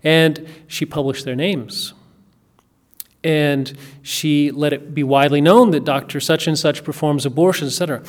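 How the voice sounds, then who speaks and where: This is a man with a somewhat high-pitched voice telling a story in a loose, spoken way. He is earnest and emphatic. He often doubles back on his words and restarts his sentences as he goes. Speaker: speaker recounting a family story.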